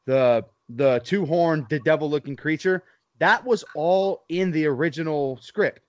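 A man's voice: on the high side, measured pace, no echo, muffled recording. A man co-hosting a casual podcast, blunt and opinionated, cursing freely as he shares trivia and takes. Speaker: podcast co-host. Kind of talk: casual chat.

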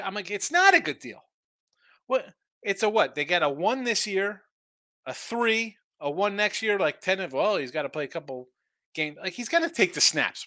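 A middle-aged man runs through his betting picks in an animated, rambling way, ribbing the teams he dislikes. His voice sits a bit high and sounds bright and forceful. It is recorded dry and close. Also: fairly quick, dry recording. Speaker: sports betting show host. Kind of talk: live sports betting picks chat.

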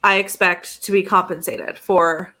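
A woman's voice: lowish voice, a little slow. Young woman telling a story, acting out calls. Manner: animated, acts out both sides of phone calls. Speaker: podcast co-host. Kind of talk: casual storytelling chat.

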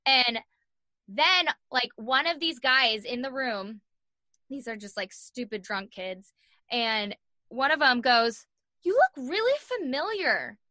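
A young woman, a guest in an interview, tells a story casually and slowly, her bright, fairly high voice animated and chatty. She acts out quoted voices and uses "like" constantly. The recording is dry and close with no echo.

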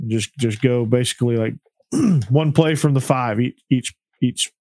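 A man's voice: mid-range voice, a little slow, a little mellow, no echo. A man with a Southern US accent hosting a casual sports chat, stammering through restarts and laughing at his own jokes. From Southern US, Georgia. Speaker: podcast host.

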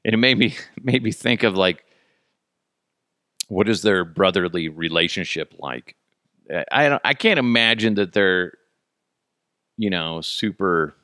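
A man's voice: low-pitched, a bit bright, dry recording, studio quality. A man hosting a radio show, rambling through a casual comedic monologue with goofy, profane jokes and laughter. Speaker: radio host.

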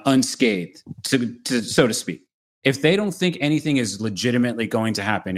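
A man speaking as a podcast guest, giving measured, analytical commentary. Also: mid-range voice.

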